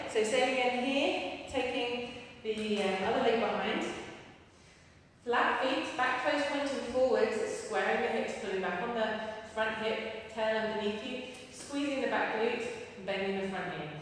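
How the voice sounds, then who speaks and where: A woman's voice: a little high, normal speed. A woman fitness instructor leading a live workout class, a little out of breath, encouraging and counting down the reps. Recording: roomy echo, distant from the mic, faint noise.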